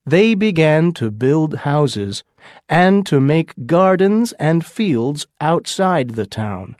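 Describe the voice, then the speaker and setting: A man reads a storybook for learners in a slow, clear voice. His pitch is somewhat high and lively. The sound is close and dry. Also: no room sound. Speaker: audiobook narrator. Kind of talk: scripted narration for learners.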